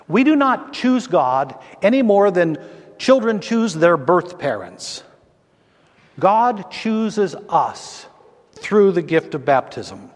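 A man preaching a sermon as a Lutheran pastor, slow and emphatic, speaking to his congregation in a church. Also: high voice. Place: church sanctuary. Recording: long church reverb.

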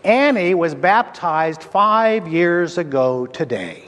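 A man preaching a sermon as a Lutheran pastor, slow and emphatic, speaking to his congregation in a church. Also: on the high side, very animated, a bit bright. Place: church sanctuary. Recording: long church reverb.

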